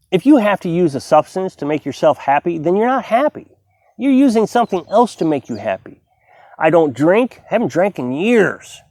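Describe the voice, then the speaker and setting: A man in his fifties talking casually to camera, giving an animated, preachy pep talk as a vlogger. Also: on the high side, dry recording. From United States.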